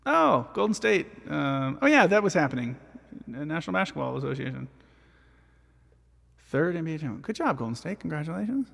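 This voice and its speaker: A man's voice: a little high, very animated, brisk, creaky, a bit bright, big-room sound. A man, a vocal jazz arranger, chatting casually and self-deprecatingly with viewers while recording his own vocal parts.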